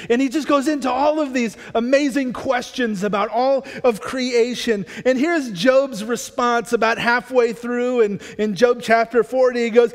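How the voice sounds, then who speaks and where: Male pastor, lively casual preaching, higher voice, church hall echo. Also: normal speed. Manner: energetic, conversational, frequent restarts. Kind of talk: sermon. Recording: long church hall reverb.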